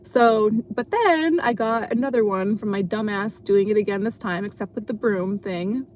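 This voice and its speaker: A woman's voice: mid-range voice, darkish tone, slight background noise. A woman telling a story in a casual live chat from her car, rambling with lots of fillers and restarts. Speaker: live streamer. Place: car at night while driving.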